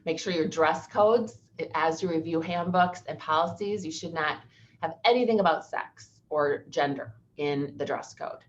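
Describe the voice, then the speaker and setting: Low-voiced woman lecturer. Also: moderate pace, dull audio, a little hiss or hum. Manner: conversational, animated storytelling. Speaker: employment attorney presenter. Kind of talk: legal seminar presentation.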